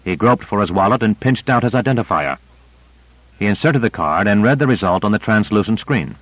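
A low-voiced man narrates a thriller audiobook in a measured, steady manner. The recording is dry, with no room sound, and a little dull in tone. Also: no echo.

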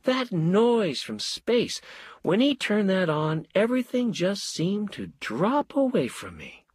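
A male narrator voicing a dazed adult wife who speaks in a slow, faraway, sighing way. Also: medium pitch, big pitch swings, a little mellow, breathy edge, dry recording, studio quality, voice pushed up, exaggerated voice. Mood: dreamy. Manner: faraway, drawn-out sighing delivery.

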